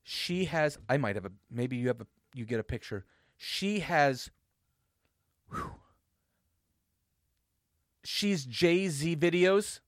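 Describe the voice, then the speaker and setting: Animated, laughing radio co-host man. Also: a little high, slow pace, long pauses, no room sound, studio quality. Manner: animated, laughs often, storytelling. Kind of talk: casual on-air banter.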